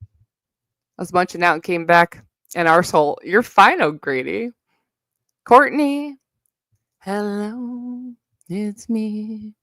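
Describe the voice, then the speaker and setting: A woman's voice: fairly low pitch, big pitch swings, unhurried, long pauses, a bit bright, dry recording, studio quality. A young woman with a New York accent, ranting bluntly and profanely in a rambling casual livestream. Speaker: live streamer.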